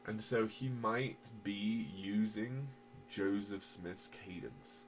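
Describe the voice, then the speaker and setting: A man's voice: fairly low pitch, animated, slow, a little hiss or hum. A man chatting casually on a podcast, rambling with lots of fillers and swearing, and at times building into heated rants. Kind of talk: casual conversational podcast chat.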